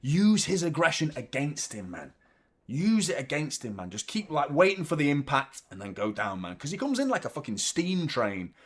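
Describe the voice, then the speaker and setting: Manc guy hosting a footy watchalong, excitable, yells at the telly, swears a lot. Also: a little high, normal speed. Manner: excitable, swears, shouts at the play. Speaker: football watchalong host. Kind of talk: live match reaction commentary.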